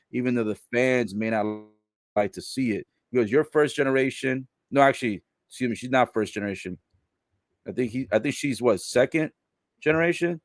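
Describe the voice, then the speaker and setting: A man giving a casual live recap of a wrestling show, relaying what is said in the ring and reacting with laughs and loud exclamations. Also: medium pitch, no echo, clean studio sound. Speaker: live wrestling watch-along commentator.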